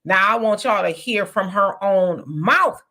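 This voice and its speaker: A woman's voice: mid-range voice, expressive, a little slow, bright, forceful tone. A woman presenting a news commentary clip in a conversational, wry way.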